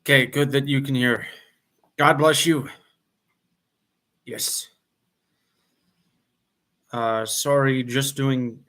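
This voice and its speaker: A man's voice: mid-range voice, measured pace, long pauses, a bit bright. A man hosting a livestream in casual chat from his kitchen, rambling and apologetic, laughing often while he washes dishes. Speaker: livestream host. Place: home kitchen, washing dishes.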